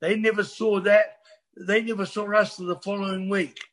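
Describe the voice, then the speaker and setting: Older NZ guy, high-pitched, casual guest, loose and sweary. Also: flat delivery, normal speed, a bit bright. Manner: rambling, restarts, swears freely. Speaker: guest storyteller. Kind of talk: casual storytelling chat.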